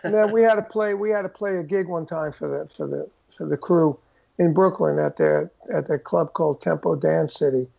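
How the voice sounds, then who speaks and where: A very gravelly older man, high for a man, tells stories in a relaxed interview. He throws himself into them, putting on the voices of the people he describes. The recording sounds dull and muffled. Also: moderate pace. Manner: animated storyteller who acts out quoted voices. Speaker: guest drummer telling stories. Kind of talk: casual storytelling interview.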